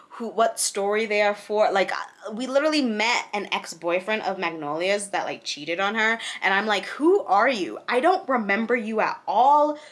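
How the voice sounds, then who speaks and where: A book reviewer in her twenties, with a bright, crisp, medium-pitched voice, talks straight to camera about a book she disliked. She rants frankly and in exasperation, laughing between points in loose, casual chat.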